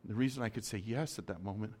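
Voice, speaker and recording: A man preaching a sermon as a story, dramatic, moving from loud urgency to soft, hushed lines. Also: lowish voice, fast. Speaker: pastor.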